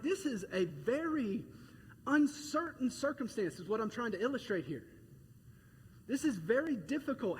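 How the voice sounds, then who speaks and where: A man preaching a sermon as pastor, conversational and animated, telling stories with quick laughs. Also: sits high, a little hiss or hum. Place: church auditorium. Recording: echoey hall with faint ambience.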